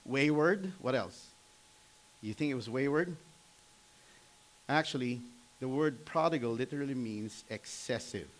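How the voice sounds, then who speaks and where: A man in his forties preaching a sermon, telling family stories conversationally, asking the congregation questions and often clearing his throat. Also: medium pitch, measured pace, long pauses, poor audio. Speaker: pastor.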